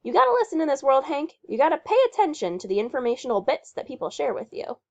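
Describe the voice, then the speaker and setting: A woman's voice: sits high, big pitch swings, fast talker, creaky, voice pushed up, heavily acted. A woman reading aloud and voicing a bossy, folksy woman who lectures and talks in country phrasing. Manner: fussy, lecturing, country-talking. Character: bossy folksy middle-aged woman horse owner. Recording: muffled lo-fi recording.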